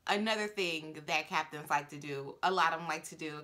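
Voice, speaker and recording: A woman's voice: low-pitched, a little fast, bright, forceful tone. A woman who works as a flight attendant, chatting casually in a reaction video with many fillers and laughs.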